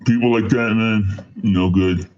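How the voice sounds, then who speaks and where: A man's voice: on the low side, fairly even intonation, measured pace, a little mellow. A man streaming, chatting casually in a rambling, slangy way with frequent restarts. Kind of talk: casual chat. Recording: dull lo-fi sound.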